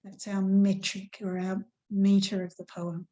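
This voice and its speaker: A woman teaching an online grammar lesson to schoolchildren, patient and measured, stressing syllables slowly as she recites. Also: medium pitch, monotone, dark tone, dull audio.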